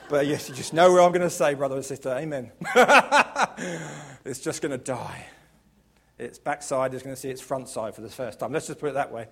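A man preaching a lively sermon in church, joking playfully and moving between hushed asides and loud, emphatic calls to the congregation. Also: mid-range voice, normal speed, creaky, slightly rough. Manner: playful, jokey and expressive, swinging from hushed to loud.

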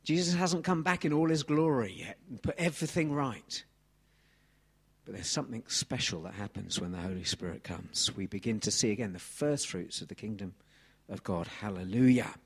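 Holding a handheld mic, a thirty-something English man delivers a sermon with animated energy, moving from quiet asides to loud outbursts. His voice is husky and lowish, and his pace is moderate.

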